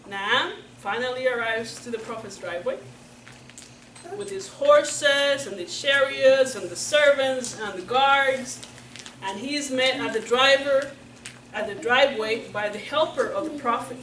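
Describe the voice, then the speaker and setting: A woman from Puerto Rico preaching a sermon, telling a Bible story in a playful, animated way. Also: on the high side, unhurried, a little hiss or hum. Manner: animated, playful, acts out characters. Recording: roomy church sound from a distance.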